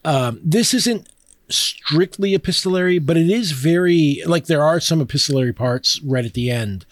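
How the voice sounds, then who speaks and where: A man with a fairly high voice talks through a book in loose, casual podcast chat, breaking into laughs and trailing off into fillers. He sounds close to the mic in a dry, dead room. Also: expressive, moderate pace, dry recording. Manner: chatty, laughing, many fillers and restarts. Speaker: podcast host. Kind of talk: casual podcast discussion and reading aloud.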